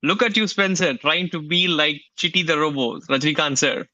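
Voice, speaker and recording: A man's voice: fairly high pitch, normal speed, sharp tone, no echo, low-quality recording. A man from India, a guest coach giving friendly, brief, upbeat replies over a video call. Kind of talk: casual interview chat.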